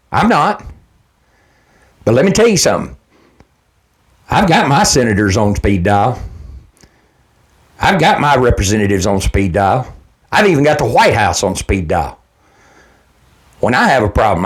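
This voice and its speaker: A man's voice: medium pitch, sing-song, measured pace, pauses often, slightly rough. A man delivering a heated, blunt, profane political rant straight to his audience, hammering his points by repeating them. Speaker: political commentator. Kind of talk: direct-to-camera political rant.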